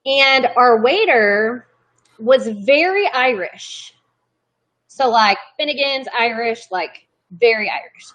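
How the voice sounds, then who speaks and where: Young woman guest, slightly high voice, rambling casual storyteller who keeps interrupting herself. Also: animated, takes it slowly, a bit bright. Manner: chatty, self-interrupting, apologetic.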